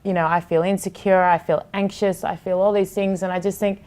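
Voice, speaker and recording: A woman's voice: mid-range voice, level tone, fairly quick, darkish tone, smooth. A woman in her thirties who hosts a TV sports show, talking candidly and passionately in a casual podcast chat, swearing freely. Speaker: TV sports host, guest.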